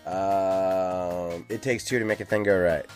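A man's voice: low voice, steady tone, a little slow, faint music behind. A man hosting a video game podcast in casual chat, rambling with lots of ums and uhs. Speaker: podcast host.

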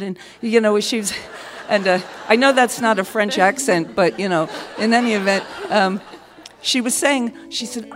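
A woman singer talking to a concert audience between songs, in rambling, halting stage banter full of ums. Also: mid-range voice, slight background noise.

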